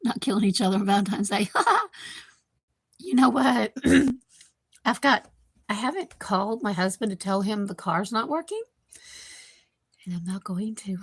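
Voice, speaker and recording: A woman's voice: medium pitch, lively intonation, normal speed, pauses often, breathy edge, no room sound. A woman, rambling casually as she hosts a live stream from her home kitchen and chats with viewers by name. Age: 50s. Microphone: computer microphone.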